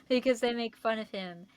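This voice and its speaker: A young woman co-hosting a casual podcast, giving quick blunt answers and moving things along. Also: fairly high pitch, smooth, rough recording. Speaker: podcast co-host. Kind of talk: casual chat.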